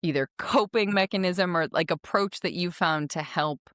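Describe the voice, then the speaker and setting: A woman's voice: lowish voice, normal speed, fairly bright tone, clear, resonant tone, no room sound, studio quality. A woman hosting a podcast, talking in a chatty, rambling way and laughing easily. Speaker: podcast host. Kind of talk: casual interview chat.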